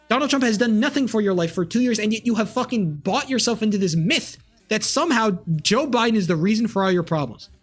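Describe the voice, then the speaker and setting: Husky young guy streaming, angry swearing rant at chat, faint music behind. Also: high-pitched, a bit bright. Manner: angry, swearing, repetitive ranting. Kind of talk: heated rant to live chat.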